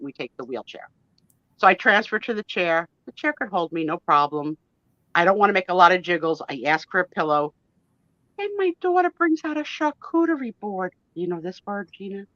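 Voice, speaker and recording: With a fairly low, somewhat bright voice, a woman in her fifties shares a story as a live chat show guest. She's emotional, gushing and chatty, swearing mildly, and the recording is dull, lo-fi and dry, without echo.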